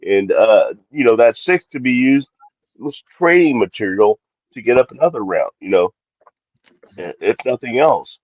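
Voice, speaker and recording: A man's voice: medium pitch, lively intonation, normal speed, dry recording. Rambling man on a dull lo-fi mic. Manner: rambling, self-correcting, exasperated asides. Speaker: podcast co-host. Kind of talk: casual sports chat.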